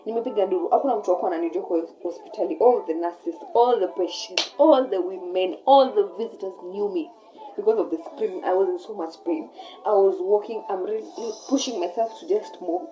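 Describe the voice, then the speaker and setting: A young woman with a Kenyan accent telling a personal story in a casual, animated way, switching between English and Swahili mid-sentence. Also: medium pitch, fairly quick, noisy background. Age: young adult. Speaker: vlogger.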